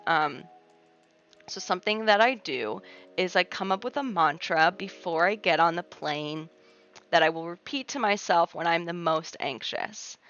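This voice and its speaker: Reading out viewer comments, a young female livestream host chats casually and reassuringly, using plenty of filler words. Her voice is lowish and a bit bright. Faint background music runs under the muffled, lo-fi stream sound.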